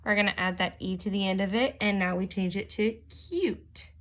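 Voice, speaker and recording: A woman teacher giving a phonics lesson to young children, sounding out letters and words slowly and carefully. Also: mid-range voice.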